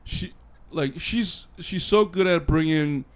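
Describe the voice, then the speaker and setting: A man co-hosting a casual review chat, excitable and rambling, teasing his co-host and swearing. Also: on the high side, slow. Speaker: podcast co-host and film reviewer.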